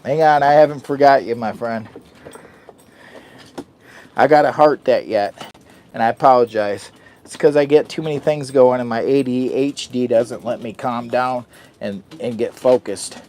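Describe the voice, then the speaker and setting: A man's voice: medium pitch, measured pace, a little mellow. A man hosting a casual livestream from a hot tent, hyper and self-mocking as he talks to his chat. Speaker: livestream host. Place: hot tent while camping in wind and rain.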